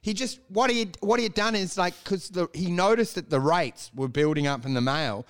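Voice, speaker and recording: A man's voice: high-pitched, a little fast, fairly bright tone, clear, resonant tone. A man co-hosting a podcast, telling rambling jokey stories and acting out little voices in casual chat. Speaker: podcast co-host.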